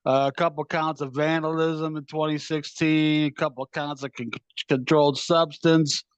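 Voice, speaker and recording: A man's voice: on the high side, level tone, normal speed, clear, resonant tone, dry recording, lo-fi sound. An older man, co-hosting a casual rock talk show, reading off a list in a dry, hesitant way full of uhs. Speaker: podcast co-host. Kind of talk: casual chat.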